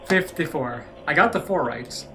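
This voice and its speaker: A man's voice: on the high side, expressive, moderate pace, fairly bright tone, a little hiss or hum. Chatty man playing a horror game. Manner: chatty, muttering asides to himself. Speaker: gaming channel host. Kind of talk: casual let's-play commentary.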